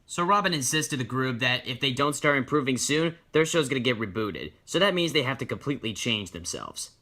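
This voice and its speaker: A man's voice: mid-range voice, lively intonation, fairly quick, pushed and bright. A teenage boy complaining incredulously while reviewing a cartoon. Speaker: online critic. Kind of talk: comedic review rant.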